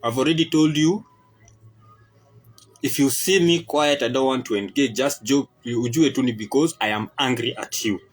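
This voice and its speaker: A young Kenyan man with a Kenyan accent, switching between English and Swahili in a casual opinion monologue. He talks in an animated, exasperated way. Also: medium pitch, moderate pace, husky, low-quality recording. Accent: Kenyan English with Swahili and Sheng code-switching. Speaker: podcast host.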